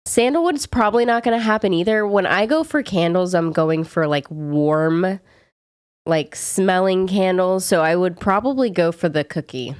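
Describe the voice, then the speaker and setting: Sick young southern girl rambling to her stream chat, kinda low voice, dead dry mic. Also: moderate pace, a little mellow, clear, resonant tone, no room sound. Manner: chatty, rambling with frequent "like" fillers. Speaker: live streamer. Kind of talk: casual chat answering viewers.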